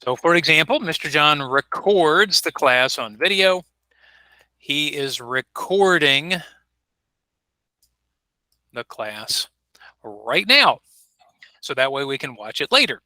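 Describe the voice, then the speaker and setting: A man's voice: fairly high pitch, very animated, unhurried, pushed and bright, no echo, rough recording. A man teaching an online English class, patiently repeating words and modeling pronunciation on a video call. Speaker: ESL teacher. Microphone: computer mic on a video call.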